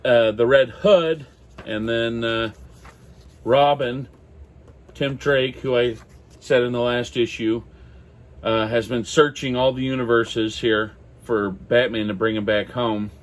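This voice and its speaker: A man from Minnesota talking on his own in a loose, halting way, full of fillers and restarts. His throat is dry and he keeps apologizing for it. His pitch sits in an ordinary middle range. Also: fairly even intonation. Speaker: comic collector vlogger. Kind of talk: casual solo chat.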